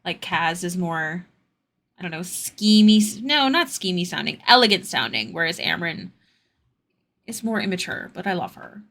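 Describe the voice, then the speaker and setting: A woman's voice: lowish voice, expressive, normal speed, fairly bright tone. A young woman streamer chatting casually with her viewers while she draws, answering their questions in rambling asides.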